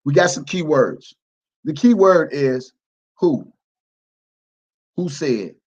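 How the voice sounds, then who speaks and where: A man's voice: on the high side, animated, slow, a little mellow, husky, highs cut off. A man hosting a livestream, ranting in a mocking, repetitive, profane way. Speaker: livestream host. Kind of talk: heated livestream rant.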